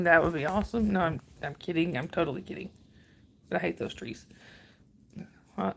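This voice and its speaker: Woman, Southern drawl, middle-aged, gravelly voice, low-ish pitch, rambling livestream chat. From northern Georgia, US. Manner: chatty, rambling, reads and answers viewer comments. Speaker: livestream host.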